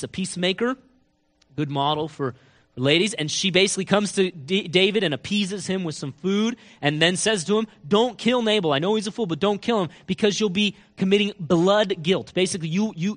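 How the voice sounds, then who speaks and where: A man preaching a sermon, telling a story with lively acted-out quotes and big swings between soft and loud. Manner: animated storytelling, acts out quotes with big swings in pitch and loudness. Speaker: pastor.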